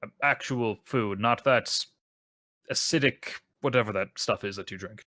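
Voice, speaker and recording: A man's voice: on the low side, moderate pace, bright, forceful tone, no room sound. Playful man in tabletop roleplay. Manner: playful, teasing. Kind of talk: in-character roleplay chat.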